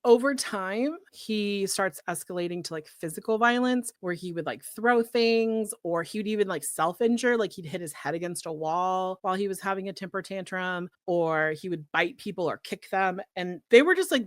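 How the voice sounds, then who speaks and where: A woman co-hosting a podcast, recapping a show in casual chat, full of "like" and quick laughs. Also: medium pitch, no echo, clean studio sound. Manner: chatty, heavy use of "like", laughs often.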